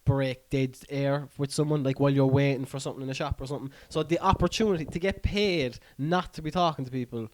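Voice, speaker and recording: A man's voice: medium pitch, fairly even intonation, fast talker, few pauses, a little mellow. A young Irish man co-hosting a casual podcast chat, laid-back and emphatic, tagging lines with slang. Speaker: podcast co-host.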